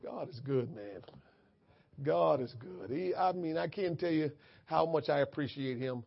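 A pastor delivers a sermon in church, talking conversationally before shifting into prayer that builds to fervent shouting. His voice is fairly high, creaky and a little slow. The recording sounds muffled.

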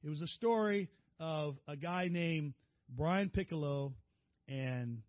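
A male preacher telling personal stories in a folksy, animated sermon. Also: a little high, slow, dry recording, muffled recording.

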